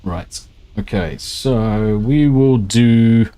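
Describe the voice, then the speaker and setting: A man's voice: lowish voice, drawn-out words, mellow. A man chatting casually and swearing a lot while he streams a game and reads out viewer messages. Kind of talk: casual gameplay chat.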